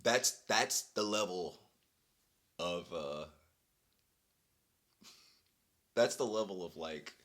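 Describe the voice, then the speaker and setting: A young man vlogging, telling an exasperated story in a casual, animated way and breaking into laughter. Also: fairly low pitch, takes it slowly, pauses often.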